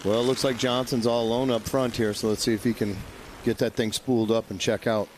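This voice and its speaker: A man commentating a race, telling relaxed stories about the drivers. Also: medium pitch, brisk, a little hiss or hum, poor audio. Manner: anecdotal, relaxed storyteller.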